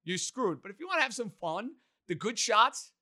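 Male sports host, very bright and forceful tone, slightly high pitch, punchy and energetic delivery. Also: normal speed. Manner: emphatic, energetic. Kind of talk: casual sports chat.

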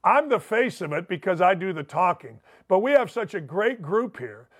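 Here the same kind of older sports radio host speaks in a high, slightly rough voice with big swings in pitch and a moderate pace. His opinionated monologue is sarcastic and mocking, broken up by listener messages he reads out.

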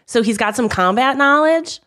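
A young adult woman co-hosting a casual chat podcast, animated and quick to laugh, swearing casually. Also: sits high. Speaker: podcast co-host.

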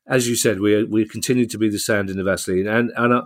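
A man's voice: lowish voice, fairly even intonation, quick pace. A man co-hosting a podcast in casual chat, self-deprecating and talkative, often restarting his sentences. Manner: self-deprecating, chatty, frequent restarts and laughs. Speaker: podcast co-host.

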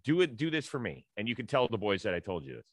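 A man's voice: on the low side, big pitch swings, fast, dry recording. A man hosting a podcast, trading casual banter and plugging upcoming episodes with a chatty manner. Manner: chatty, hypes guests and sign-offs. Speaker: podcast host.

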